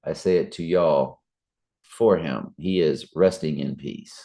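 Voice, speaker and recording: A man's voice: rumbling low, slow pace, vocal fry, dark tone. A middle-aged man, talking in an earnest, preachy way with fillers and restarts. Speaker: Bible study channel host. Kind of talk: casual spoken reflection.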